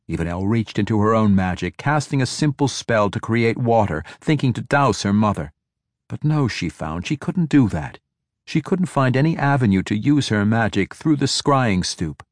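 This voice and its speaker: A man narrating a fantasy audiobook in a measured, even storytelling manner. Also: lowish voice, dry recording, clean studio sound.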